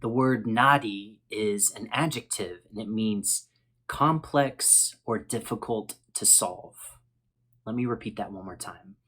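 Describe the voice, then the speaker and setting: An American man hosting an English vocabulary lesson, speaking in a friendly, slow and deliberate way as he repeats words for learners. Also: on the low side, fairly bright tone. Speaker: English teacher.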